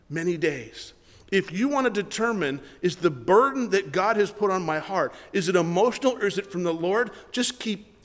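A male pastor preaching a sermon, emphatic and repeating his words, slowing down to read scripture. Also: high voice, a bit bright. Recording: long hall reverb.

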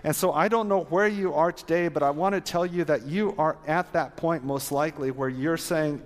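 A man's voice: a little high, moderate pace, few pauses. A man preaching an earnest sermon to a live audience, then leading a prayer. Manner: earnest, exhorting, ends in prayer. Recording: long hall reverb.

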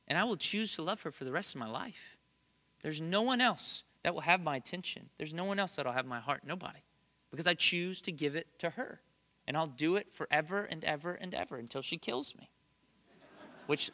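A man in his thirties preaches a conversational sermon in a high, very bright and sharp voice. He is earnest and breaks up his points with self-deprecating jokes. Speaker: pastor.

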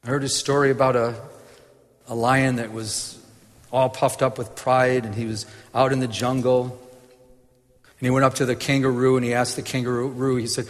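A man teaching from the Bible in a casual, animated way, restarting his sentences and laughing at his own jokes. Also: mid-range voice, brisk, long reverb tail. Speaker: preacher.

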